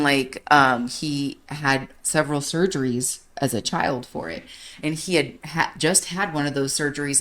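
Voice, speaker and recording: Thirties woman, podcast host, lowish voice, animated storytelling, swears and laughs a lot. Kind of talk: casual storytelling.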